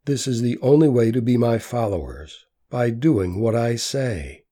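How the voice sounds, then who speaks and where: A man voicing a gentle, solemn male teacher who speaks in a slow, measured way. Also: medium pitch, expressive.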